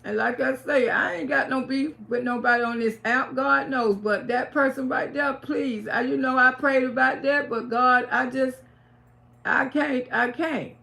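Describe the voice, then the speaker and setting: A woman's voice: high voice, fairly even intonation, unhurried, vocal fry, sharp tone. A middle-aged woman hosting a casual live stream, talking bluntly to her viewers with plenty of cursing and repeated phrases.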